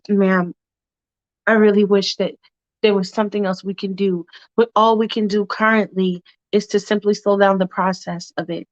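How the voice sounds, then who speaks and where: A woman doing a soft, halting male doctor. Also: mid-range voice, level tone, no room sound, dull audio, pitched below the performer's own voice, close to an everyday voice. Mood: grave. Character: hesitant male doctor, soft-spoken and grave.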